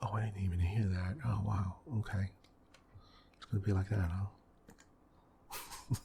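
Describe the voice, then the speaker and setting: Hushed deep-voiced man, soft ASMR gaming. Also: little pitch movement, slow pace, gravelly, background noise. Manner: rambling storyteller, many "you know" fillers; quiet, hushed delivery. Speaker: gaming channel host.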